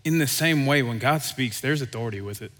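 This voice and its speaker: A man preaching a sermon in an easygoing, conversational voice that livens up as he tells a story and acts out the voices in it. His voice sits at an ordinary middle pitch. A long reverb tail follows him through the hall. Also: fairly quick, a bit bright. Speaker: pastor.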